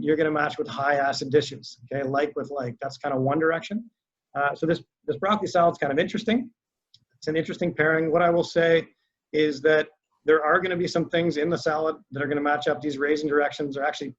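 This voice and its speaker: A man, a winery sales rep, talks through a wine tasting in a relaxed, conversational way on a video call, with many fillers. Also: a little high. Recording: muffled lo-fi call audio.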